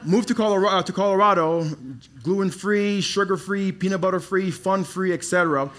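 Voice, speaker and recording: A man in his thirties from Dallas preaching a sermon as pastor, animated and then dropping to quiet emphasis. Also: sits high, a little fast, a little hiss or hum. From Dallas, Texas.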